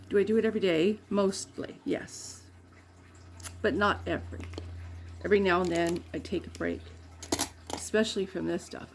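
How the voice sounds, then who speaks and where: A woman's voice: fairly low pitch, gravelly, darkish tone, slight background noise. A woman vlogger chatting casually and rambling, with frequent laughs and self-corrections, while doing her makeup.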